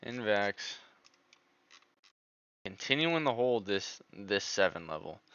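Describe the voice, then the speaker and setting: A man's voice: on the low side, slow, no echo, muffled recording. Man giving live chart commentary. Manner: excitable, groans over missed trades. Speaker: stock trading streamer.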